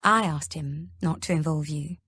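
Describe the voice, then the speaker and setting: A woman voicing a measured older mother-in-law. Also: low-pitched, fairly bright tone, breathy edge, no room sound, pitched below the performer's own voice. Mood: composed. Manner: measured, deliberate explaining. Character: composed older mother-in-law, self-assured. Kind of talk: audiobook character reading.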